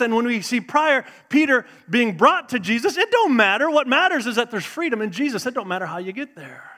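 A middle-aged man, preaching a sermon in an animated way, swinging between loud bursts and hushed asides. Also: high-pitched. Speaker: pastor.

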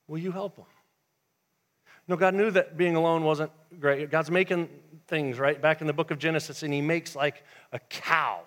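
A male pastor preaching a sermon in church, telling a lively story and dropping to a hush for emphasis. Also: a little high, moderate pace. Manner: animated storytelling, swings from loud to hushed. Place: church sanctuary.

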